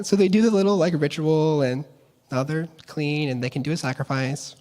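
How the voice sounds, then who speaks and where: A man's voice: a little high, moderate pace, a little mellow. A young man casually retelling a Bible story at a chapel service, chatty and playful, slipping into character voices for the people in the story. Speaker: chapel speaker. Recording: long reverb of a chapel.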